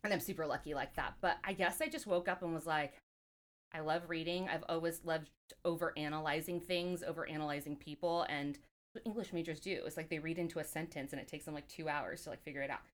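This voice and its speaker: A woman from California with a voice on the lower side, talking casually as an interview guest. She rambles through her stories, leaning on lots of "like"s and "um"s. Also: steady tone, fast talker. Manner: chatty, rambling, many fillers and "like"s. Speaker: podcast guest.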